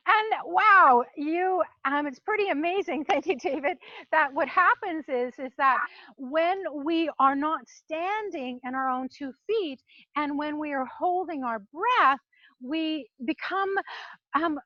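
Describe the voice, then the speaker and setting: A woman with a high voice teaches volunteers through a hands-on demonstration. She talks in an animated way, laughing often and acting out what the animals might be thinking. The sound is dry and slightly dull. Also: slow, dry recording. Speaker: volunteer trainer. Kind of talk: instructional demonstration. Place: farm sanctuary.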